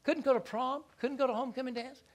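A man preaching a sermon as pastor, stammering into repeated words and moving between quiet asides and loud stretches. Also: very high-pitched, fairly even intonation, fast.

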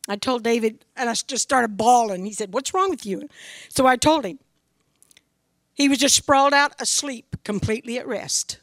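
A woman's voice: fairly high pitch, normal speed, no echo, studio quality. A middle-aged woman from Missouri giving an earnest, emphatic spoken testimony about her faith as a grieving mother.

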